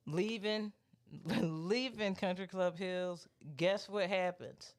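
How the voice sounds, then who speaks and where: Podcast guy telling a crazy story, kinda high smooth voice, lots of cussing, does little voices for people. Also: takes it slowly. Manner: loose, profane, animated storyteller who quotes people. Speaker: podcast co-host. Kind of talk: casual chat, storytelling.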